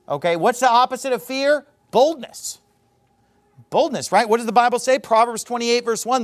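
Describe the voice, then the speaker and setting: A man's voice: sits high, animated, normal speed. A man preaching a sermon as pastor, emphatic and repetitive, hammering his points home.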